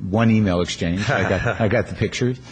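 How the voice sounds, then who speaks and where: A man's voice: lowish voice, brisk, a little hiss or hum. A male host running a casual interview, hesitant, with many fillers and restarts.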